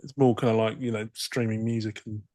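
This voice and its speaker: A man's voice: on the low side, flat delivery, a little fast, warm tone. A man co-hosting a comedy podcast, trading dry, teasing banter. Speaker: podcast co-host.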